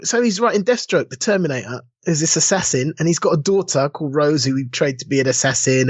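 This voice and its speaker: Here a man co-hosting a podcast talks casually and performs quotes in assorted voices. His pitch is fairly high, and the dull, dry lo-fi recording carries no echo.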